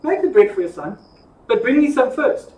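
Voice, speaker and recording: A man's voice: very high voice, sing-song, normal speed, darkish tone. A man doing a blunt, mocking prophet. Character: bold prophet, blunt and unimpressed. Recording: echoey room from far off.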